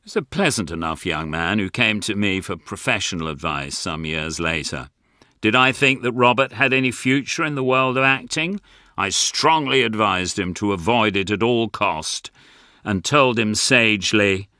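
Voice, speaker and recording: A deep-voiced older Englishman reads his memoir with wry, self-mocking dryness and a bright, lively delivery that rises and falls a lot. The sound is dry and close, as from a studio booth. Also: moderate pace, dry recording. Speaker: author and narrator. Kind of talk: audiobook memoir narration.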